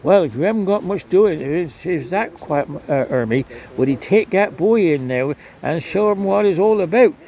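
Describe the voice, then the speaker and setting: A man's voice: sits high, expressive, normal speed, few pauses, mellow, pitched above the performer's own voice. An older man voicing a teasing older workmate, raising his voice for the joke.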